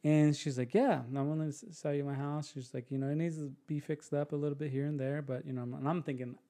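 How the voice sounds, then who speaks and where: His voice fairly high, a young male podcast guest relates a story in relaxed conversation, animatedly performing other people's voices and quickly starting over mid-sentence.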